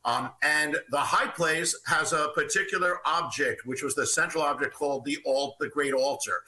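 A man's voice: fairly high pitch, normal speed, sharp tone, low-quality recording. A man guesting on a radio show as an author, telling a story at length in an earnest, expansive way. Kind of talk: radio interview, explaining a story.

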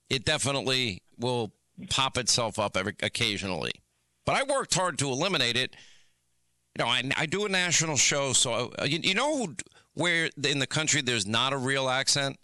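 A man hosting a call-in radio talk show, talking quickly with stammering restarts. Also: medium pitch, pushed and bright, no echo. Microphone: studio microphone.

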